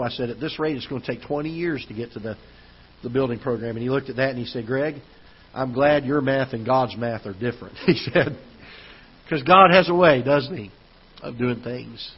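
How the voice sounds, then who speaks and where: A man's voice: medium pitch, husky, muffled recording. A man preaching a sermon as pastor, telling a story that builds into emphatic preaching. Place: church auditorium.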